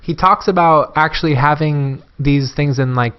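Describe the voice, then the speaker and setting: A man's voice: on the high side, moderate pace, smooth. A man hosting a casual movie podcast, rambling and restarting as he talks. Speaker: podcast host. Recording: dull lo-fi podcast audio.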